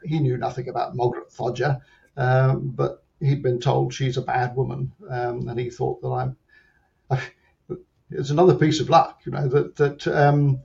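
A man telling a personal story as an interview guest, reflective and halting, with frequent restarts. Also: medium pitch, flat delivery, creaky, a little mellow. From Britain. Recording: muffled lo-fi sound.

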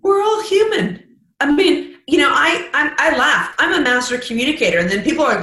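A woman author talking as a podcast guest, emphatic and animated, acting out sample conversations as she explains her advice. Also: high voice, moderate pace, echoey room, poor audio. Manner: animated, emphatic, acts out example dialogue. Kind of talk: podcast interview.

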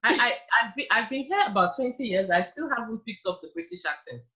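A woman's voice: fairly high pitch, animated, fast talker, sharp tone, dull audio. A middle-aged woman with a Nigerian accent, chatting as a guest on an interview show, chatty and self-deprecating. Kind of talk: casual interview chat.

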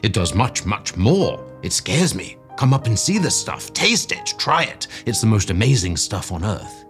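A man voicing an excitable male scientist who talks fast and shouts in high, breathless bursts. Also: soft background music. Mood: excited. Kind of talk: audiobook character voice.

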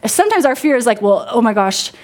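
A woman preaching a sermon with a voice pitched a little high. She talks in a lively, chatty way, keeps checking in with her listeners and laughs often. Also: fast talker. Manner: lively, asks the congregation questions and laughs often.

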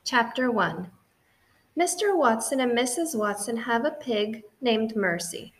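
A woman narrates a children's audiobook in a gentle, expressive way. She takes an unhurried pace and speaks clearly. Her voice sits a little high.

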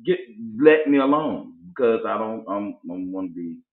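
A man's voice: lowish voice, moderate pace. Man telling stories over a tinny echoey line. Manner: animated storyteller acting out voices. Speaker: podcast host. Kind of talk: casual chat. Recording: tinny phone-like audio in an echoey room.

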